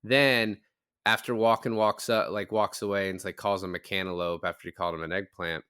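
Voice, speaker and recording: Low smooth-voiced man discussing a film. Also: fairly quick, no room sound, clean studio sound. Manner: relaxed, lots of "like" fillers. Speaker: podcast host.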